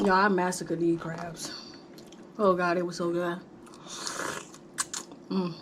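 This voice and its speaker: A woman's voice: on the low side, little pitch movement, slow, background noise. Chatty woman vlogging while eating. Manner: chatty, drawling, folksy with "honey" and "y'all". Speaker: mukbang vlogger. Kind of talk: casual chat while eating.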